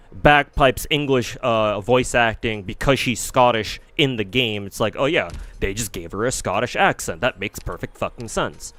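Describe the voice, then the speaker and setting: A man's voice: fairly low pitch, fairly bright tone. A man streaming a game, rambling through casual commentary with frequent swearing. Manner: rambling, profane.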